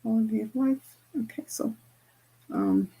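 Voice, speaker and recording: Brief: woman coach, fairly high voice, casual chatty teaching to a group. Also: wildly swooping pitch, a little slow, warm tone, slightly rough. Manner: chatty, often checks in with "right?". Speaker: spiritual and business coach.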